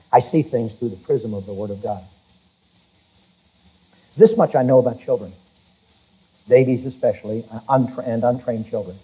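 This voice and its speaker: Husky-voiced male pastor, emphatic sermon, lo-fi phone-like sound. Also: mid-range voice. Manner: emphatic preaching, rises loud on key words, reads scripture slowly. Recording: tinny phone-like church recording.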